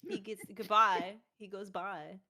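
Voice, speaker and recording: A man's voice: high voice, steady tone, unhurried, over a noisy crowd. A man in casual gaming chat, grumbling and swearing.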